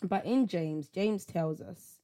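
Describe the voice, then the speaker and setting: Woman, lowish voice, reflective solo podcast host who talks things through with rhetorical questions. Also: takes it slowly, warm tone. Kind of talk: solo faith podcast monologue.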